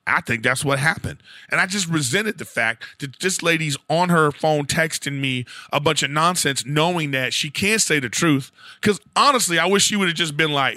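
A man telling a profane, animated story as a podcast host, acting out the voices of the people he quotes. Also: a little high, normal speed, hardly any pauses, dry recording, studio quality. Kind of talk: casual storytelling rant.

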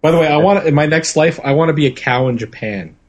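A man's voice: fairly high pitch, fast, lo-fi sound. A man guesting on a casual comedy podcast, wry and laughing along.

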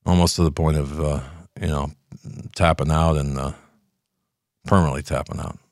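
An older man hosting a commentary show, fiery and opinionated, dropping to a mutter and then rising to shouts. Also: a bass voice, steady tone, normal speed, no echo, studio quality. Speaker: talk show host.

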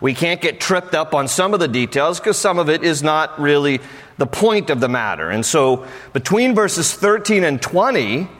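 A man's voice: a little high, sing-song, moderate pace, a bit bright. Joking man preaching in a reverberant hall. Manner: conversational and joking, with playful asides. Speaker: pastor. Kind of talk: sermon. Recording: long reverb of a large hall.

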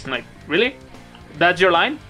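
A man's voice: sits high, sing-song, measured pace, bright, forceful tone. Man co-hosting a chat, faint guitar. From Mexico. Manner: chatty, fills in his partner's sentences. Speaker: podcast co-host. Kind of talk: casual chat.

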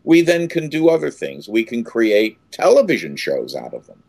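An older man telling a story as an interview guest, full of halting restarts and loud acted outbursts. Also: mid-range voice, wildly swooping pitch, vocal fry, slightly rough, dry recording.

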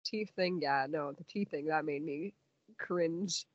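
A woman's voice: low voice, takes it slowly, no echo. Chatty woman podcaster, lo-fi sound. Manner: chatty, animated retelling with many "like"s. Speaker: podcast co-host. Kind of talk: casual chat recapping a show. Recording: dull, lo-fi dry sound.

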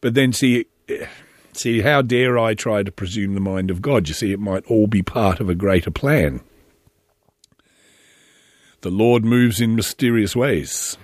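A middle-aged man hosts a podcast, rambling through a sardonic solo commentary with frequent joking asides. His voice is fairly low and a little slow, captured in a dry recording with clean studio sound.

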